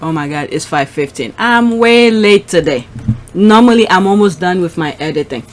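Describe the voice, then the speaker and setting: A woman's voice: on the low side, animated, normal speed. A woman hosting her channel, giving casual commentary on clips and posts. She reacts aloud as she scrolls. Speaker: channel host.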